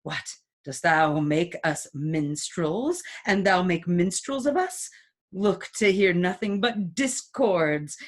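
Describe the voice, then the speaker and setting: A woman reading the part of Mercutio, a mocking, quarrelsome young man, in a casual classroom-style read-aloud. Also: lowish voice. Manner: sarcastic, drawn-out delivery.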